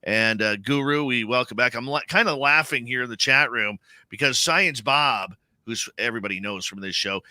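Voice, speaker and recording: A man's voice: mid-range voice, moderate pace, few pauses, bright, forceful tone, no echo. A man hosting a talk radio show, bantering casually and reading out upbeat plugs.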